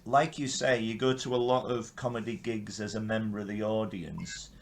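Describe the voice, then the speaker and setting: A man's voice: on the low side, steady tone, normal speed, slight background noise. An older man from England hosting a podcast interview, chatting enthusiastically with frequent restarts. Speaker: podcast host. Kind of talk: casual interview chat.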